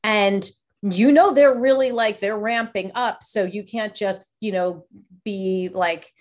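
A woman's voice: medium pitch, takes it slowly. Rambling woman host with questions. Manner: rambling long questions with many fillers. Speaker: podcast host. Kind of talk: casual interview chat.

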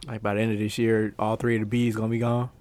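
Wisecracking low-voiced man. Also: flat delivery, fast, a little mellow. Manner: wisecracking, dry one-liners. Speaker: podcast co-host. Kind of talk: casual sports chat.

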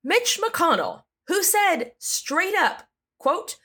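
A woman's voice: very high-pitched, sing-song, drawn-out words, pushed and bright. A woman hosting a solo news podcast, sarcastic and exasperated, breaking into jokey asides as she rants about politics. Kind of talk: comedic solo news commentary.

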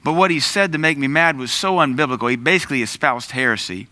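A man preaching a conversational sermon, pausing to search for words and telling stories on himself. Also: mid-range voice, sharp tone, no echo. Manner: conversational preaching with asides and self-corrections. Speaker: pastor.

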